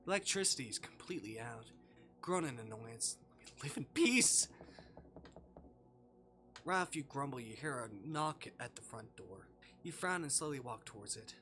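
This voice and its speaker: Streamer doing a live horror visual novel read-through, reads the choices out, swears a lot, lively pitch, faint music. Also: moderate pace. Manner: reads choices aloud, swears and yells in reaction.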